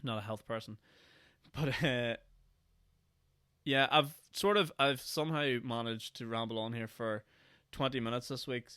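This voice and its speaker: Tired young Northern Irish podcast host. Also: male voice, medium pitch, steady tone, unhurried, pauses often, sharp tone, clear, resonant tone, dry recording, studio quality. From Northern Ireland. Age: 20s. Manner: rambling, sarcastic, acts out mock quotes. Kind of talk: casual solo podcast monologue.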